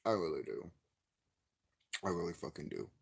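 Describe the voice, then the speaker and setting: Man ranting, lively swinging pitch. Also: moderate pace, gravelly, breathy edge. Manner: angry, profane, repetitive ranting; lively swinging pitch, gets loud and high when worked up. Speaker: YouTube game commentator. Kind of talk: ranting vlog commentary.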